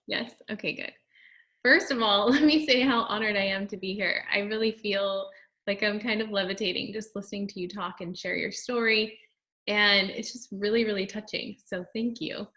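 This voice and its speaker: Woman, mid-range voice, chat guest, gracious, warm. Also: medium pitch, steady tone, moderate pace. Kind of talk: casual live chat.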